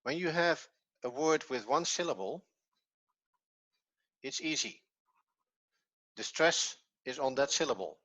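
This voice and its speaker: A man's voice: mid-range voice, lively intonation, takes it slowly, pauses often, fairly bright tone, lo-fi sound. A man with a Dutch accent, his first language Dutch, teaching an online language lesson patiently and step by step with repetition. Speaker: Hebrew teacher.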